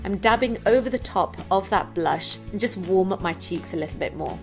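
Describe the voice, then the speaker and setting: A woman beauty vlogger talking through a makeup tutorial, bubbly and excitable in her chat and outro. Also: mid-range voice, moderate pace, faint music behind.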